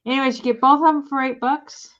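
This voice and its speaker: A woman's voice: sits high, fairly even intonation, fast talker, dull audio. A woman co-hosting a live online vintage sale, chatting and telling rambling stories about her items. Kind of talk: casual live sale chat.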